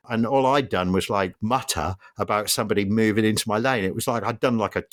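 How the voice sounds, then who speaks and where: A deep-voiced middle-aged Englishman talks through a car review in a loose, rambling way, blunt and wry, with swearing. The sound is dry and close, with no room around it. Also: fast talker, hardly any pauses, dry recording. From England. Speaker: podcast host. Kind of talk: casual car review chat.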